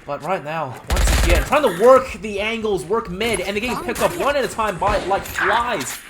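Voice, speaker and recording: Excitable co-caster, voice jumps all over, loud hiss behind. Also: mid-range voice, normal speed. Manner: excitable, laughs often. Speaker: esports co-commentator. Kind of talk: live game commentary. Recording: noisy background hiss.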